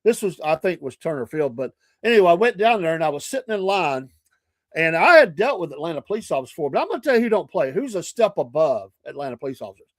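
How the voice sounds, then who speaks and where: Recorded without echo, a middle-aged morning show host with a slightly high voice tells casual, rambling stories. He keeps drifting into asides and correcting himself as he chats.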